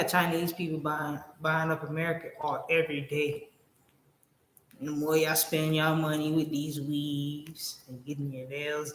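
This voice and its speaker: A man giving casual reaction commentary in a loud, animated, slangy way, laughing often. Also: fairly high pitch, roomy sound, a little hiss or hum. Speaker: reaction video host.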